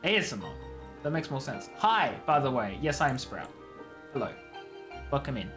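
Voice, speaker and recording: A man's voice: medium pitch, very animated, moderate pace, music in the background. A man chatting playfully with his viewers on a live stream, laughing often. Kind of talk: casual live-stream chat.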